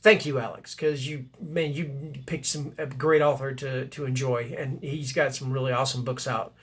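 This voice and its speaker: Here a man in the booktuber mold talks books in a loose, meandering way, catching his own slips, getting excited, and reading out blurbs. The voice is mid-range and husky, fairly bright, with fairly even intonation at a moderate pace.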